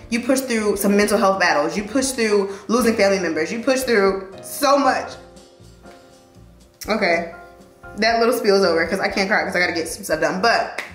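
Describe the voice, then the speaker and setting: A young woman vlogger chats while getting ready, slangy, animated and now and then emotional. Her voice sits at a middle pitch. The room is echoey, with faint music behind her. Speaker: vlogger and lawyer. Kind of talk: chatty get-ready-with-me vlog.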